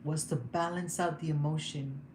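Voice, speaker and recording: Speaking in a voice that sits a little low, a young woman vlogger livestreams casually from a room at home, talking candidly and emotionally and laughing easily. Her phone captures an echoey, roomy sound with steady background noise.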